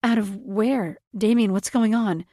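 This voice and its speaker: A woman's voice: medium pitch, moderate pace, mellow, slightly rough, dry recording, clean studio sound, voice pushed up, natural voice. A woman voicing a frightened young heroine who asks raised, anxious questions in an audiobook.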